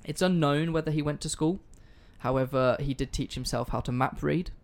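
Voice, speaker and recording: A man's voice: on the high side, moderate pace, vocal fry. A man hosting a casual history podcast, chatty and offhand, swearing freely. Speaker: podcast host.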